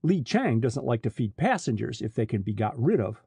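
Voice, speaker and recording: A man voicing a dogged, ruthless smuggler in an audiobook, raising his pitch and sounding smug. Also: very animated, moderate pace, vocal fry, mellow, breathy edge, no echo, studio quality, full character voice.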